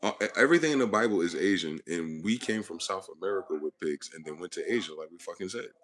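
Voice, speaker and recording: A man's voice: deep voice, animated, fast talker, a bit bright. A man hosting a profane, aggressive monologue, hectoring his listeners with rhetorical questions. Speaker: channel host. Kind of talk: ranting monologue.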